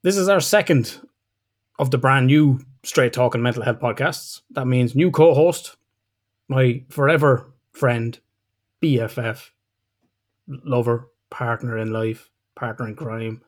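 A man's voice: medium pitch, measured pace. A man hosting a casual podcast, talking bluntly, swearing freely and laughing often. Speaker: podcast host.

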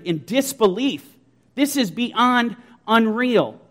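A man preaches with a high-pitched voice. He drives every point home emphatically, his tone swelling with conviction. His rhetorical questions keep pressing the listeners. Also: animated, moderate pace, fairly bright tone. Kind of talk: sermon.

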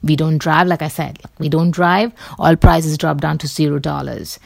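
A woman's voice: sits low, steady tone, normal speed, creaky, darkish tone, no room sound, studio quality. A woman talking loosely to camera in a rambling, chatty way, full of fillers and the odd swear word. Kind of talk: casual rambling monologue.

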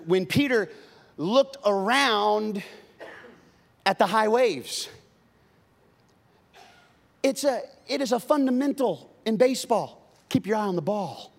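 A man with a high voice preaches a sermon from the pulpit. He swings from loud, excited bursts to hushed, earnest passages. His voice rings out with the long reverb of a large church hall. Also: gravelly. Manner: shifts between loud excited preaching and quiet earnest tones. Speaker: pastor. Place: church sanctuary.

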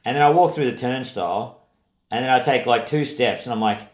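A touring comedian co-hosting a podcast speaks briskly in a medium-pitched voice with a reverberant sound. Laid-back and chatty, he tells rambling stories packed with fillers.

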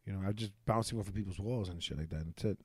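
A man's voice: low-pitched, racing, a crowd in the background. A young man hosting a podcast, bantering casually and calling his guest "bro". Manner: loose slangy banter, lots of "bro" and "yo". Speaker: podcast host. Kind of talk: casual chat.

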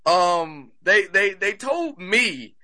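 A man hosting a podcast builds up his questions in long, curious run-ups. His voice sits a bit high and sounds bright and forward. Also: sing-song, drawn-out words. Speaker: podcast host. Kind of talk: casual interview questions.

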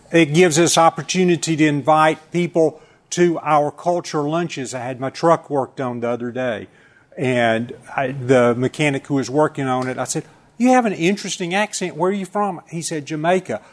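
Measured man leading a church panel. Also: a little high.

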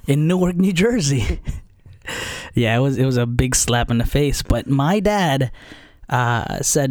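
A man's voice: medium pitch, lively intonation, unhurried, a little mellow, no echo, studio quality. A man from the Philippines, chatting casually and telling a childhood story with laughs. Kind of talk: casual conversation.

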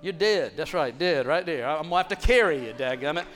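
A man playing a kindly, fatherly God in a church skit, chatting gently and reassuringly. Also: fairly high pitch, animated, brisk, faint music behind, voice pushed down. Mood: folksy coaxing. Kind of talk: acted sermon skit.

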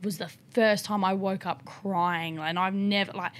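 A woman's voice: mid-range voice, fairly even intonation, moderate pace. A young woman talking frankly as a podcast guest, chatty and loose with fillers and the odd swear word. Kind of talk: casual chat.

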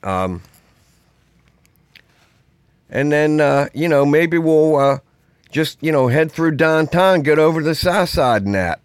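A man's voice: fairly high pitch, expressive, slow pace, pauses often, clear, resonant tone, no room sound, voice pushed up. Man doing a Pittsburgh local, Pittsburgh accent, chatty, folksy, rambling, dry close sound. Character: easygoing male Pittsburgh local planning a day out.

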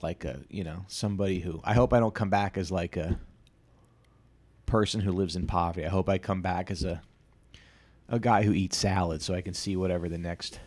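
A man in his thirties hosting a solo podcast, rambling crudely and self-deprecatingly with many halting restarts. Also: medium pitch. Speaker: podcast host.

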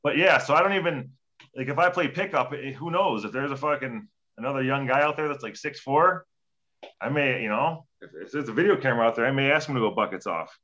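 Profane storytelling man, bright tone. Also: mid-range voice, fast. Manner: profane, animated storytelling with acted-out quotes. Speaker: guest, former hockey player. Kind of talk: casual storytelling. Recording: dull lo-fi audio.

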